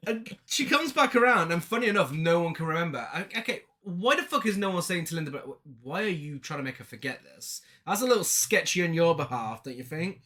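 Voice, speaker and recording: A man's voice: fairly high pitch, lively intonation, fairly quick, few pauses, sharp tone. A man co-hosting a podcast, recapping a film scene by scene in casual chat, swearing freely and laughing often. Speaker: podcast co-host.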